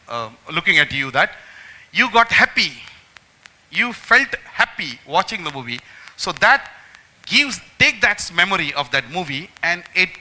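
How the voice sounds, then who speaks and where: A man's voice: high voice, sharp tone, rough recording. A man giving an emphatic motivational lecture to students, repeating phrases and speaking straight to his listeners. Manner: emphatic, repeats phrases, addresses the audience directly. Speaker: magician giving a memory talk to students.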